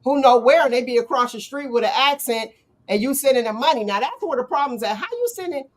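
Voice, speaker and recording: Animated slangy woman host. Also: high-pitched, fast talker, slight background noise. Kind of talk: casual chat.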